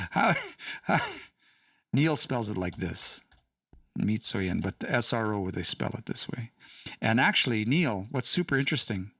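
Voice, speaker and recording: A man's voice: on the low side, big pitch swings, measured pace, creaky, pauses often, bright, forceful tone, no room sound, clean studio sound, recorded from a distance. A man teaching language casually on a livestream, chatty, laughing and reading out chat comments.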